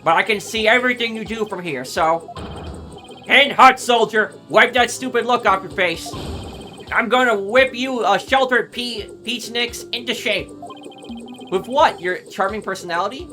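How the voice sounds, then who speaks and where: Girl putting on a bossy kid drill sergeant voice, loud barky drawl, game dub. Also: on the high side, normal speed, faint music behind, voice pushed up. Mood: barking. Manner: barking, bossy military drawl. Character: blustering boy playing drill sergeant through drone.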